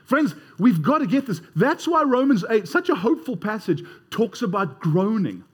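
A man's voice: high voice, very animated, moderate pace, breathy edge. A man preaching a sermon in a conversational way, leading the congregation in call-and-response. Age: 30s or older.

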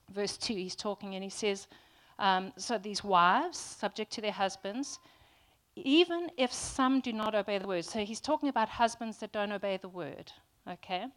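A woman preaching a sermon to a congregation, earnest and emphatic, often restarting with ums. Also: medium pitch.

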